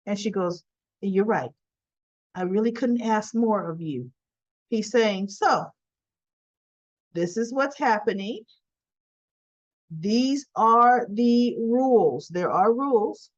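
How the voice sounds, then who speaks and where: A woman's voice: mid-range voice, lively intonation, takes it slowly, pauses often, dull audio. A woman casually recapping a soap opera episode, animatedly quoting the characters' lines in lifted voices.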